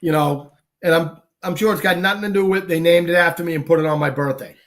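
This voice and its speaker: Lively man from Boston telling stories. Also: on the high side, fast talker. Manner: animated, acts out quoted dialogue, salty slang. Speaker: show host. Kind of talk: casual storytelling chat.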